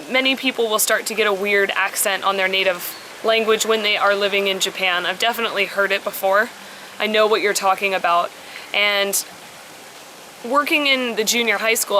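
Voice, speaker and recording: A woman's voice: medium pitch, fairly even intonation, normal speed, background noise. A woman co-hosting a casual Q&A vlog, answering viewer questions in a chatty way. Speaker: vlog co-host. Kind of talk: casual Q&A chat.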